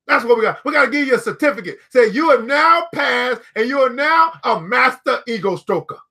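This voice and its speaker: Very high-pitched and animated, with a sharp tone and a slightly fast pace, a man leads a book club. He reads aloud to the live crowd and riffs on it, hammering key phrases with emphatic, playful repetition.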